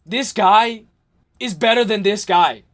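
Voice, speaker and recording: A young man hosting a livestream, ranting hard about fights, repeating himself, swearing and yelling at times. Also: high voice, a little slow. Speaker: livestream host. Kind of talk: heated livestream rant.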